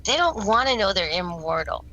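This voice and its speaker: As a guest on an interview show, a woman tells stories from her life in a bright, forceful, mid-range voice, very animated and at a moderate pace. Earnest and rambling, she keeps restarting sentences and repeating words, captured on lo-fi audio with a little hiss or hum.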